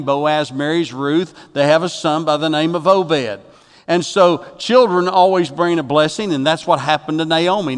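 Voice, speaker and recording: Standing at the pulpit in a church sanctuary, a middle-aged pastor with a fairly high pitch spins folksy stories and jokes, his voice swelling at the punchlines. The long reverb of the church hall fills the recording.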